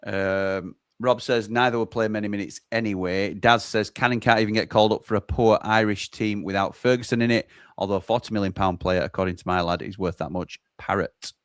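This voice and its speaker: A man's voice: fairly low pitch, fairly even intonation, fairly quick, few pauses, clear, resonant tone, no room sound, studio quality. A man hosting a casual football watchalong, reading out viewer comments with wry remarks. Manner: reads out chat messages, chatty and wry.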